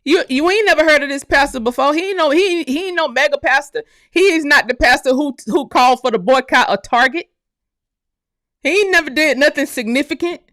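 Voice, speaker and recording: A woman's voice: high-pitched, fairly bright tone, no room sound, clean studio sound. A woman hosting her channel, giving loose, outspoken reaction commentary full of exclamations and laughter. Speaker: channel host.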